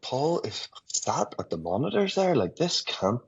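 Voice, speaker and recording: A man in his forties, a guest actor in a casual radio conversation, reflective and quick to laugh. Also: mid-range voice, big pitch swings, creaky, husky, muffled recording. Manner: reflective, laughs often, many restarts.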